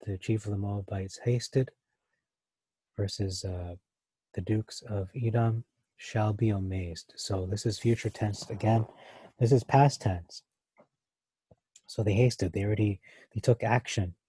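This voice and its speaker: A man's voice: on the low side, fairly even intonation, a little slow, pauses often, warm tone, breathy edge, dry recording. A man teaching a verse-by-verse Bible study, thinking aloud with many fillers and restarts.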